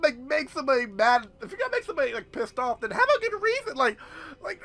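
Excitable gaming commentator, male, high and bright, swearing freely. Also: fast talker, hardly any pauses. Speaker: gaming youtuber. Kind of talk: let's play commentary.

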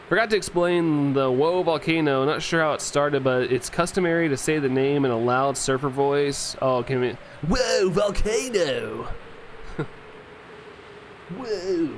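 A man's voice: medium pitch, a little hiss or hum. Rambling young man streaming a game. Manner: rambling, filler-heavy, laughs often. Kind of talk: casual chat while playing, reading chat.

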